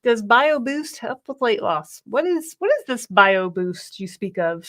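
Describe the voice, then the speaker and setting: A woman's voice: on the high side, very animated, unhurried, fairly bright tone. A woman in her fifties co-hosting a live chat stream, reading viewer comments aloud, chatty and laughing often. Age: 50s. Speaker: co-host of a livestream.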